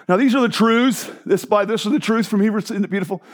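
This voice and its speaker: A male pastor delivers a sermon with a slightly higher voice. He shifts from loud, emphatic proclamation to quiet, hushed passages and talks to his listeners in an excited, conversational way. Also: fast. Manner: excited, conversational preaching with asides to the congregation.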